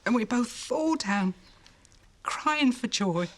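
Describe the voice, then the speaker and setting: An actress playing a tender-hearted older Victorian woman, telling a story in hushed, breathless dialect. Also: on the high side, animated, slow pace, a little hiss or hum. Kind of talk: period TV drama acting.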